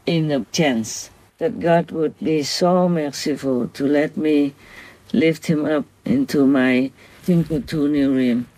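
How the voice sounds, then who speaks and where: A man speaking as a spiritual teacher in a gentle, earnest, devotional way. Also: medium pitch, rough recording. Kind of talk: slow devotional talk.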